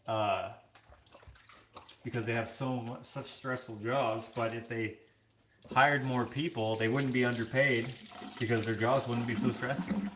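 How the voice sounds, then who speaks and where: A man's voice: medium pitch, steady tone, unhurried, fairly bright tone, slight background noise. A man chatting casually on a live stream, reading viewer comments aloud and answering with loose, filler-heavy talk. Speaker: vlogger answering viewer questions. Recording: roomy echo.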